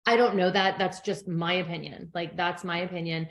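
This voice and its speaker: A woman's voice: lowish voice, steady tone, normal speed. A middle-aged woman co-hosting a podcast in casual chat, telling stories and acting out quotes with frequent laughs. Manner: chatty storyteller acting out quotes, laughs often. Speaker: podcast co-host. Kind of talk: casual chat recapping a reality show.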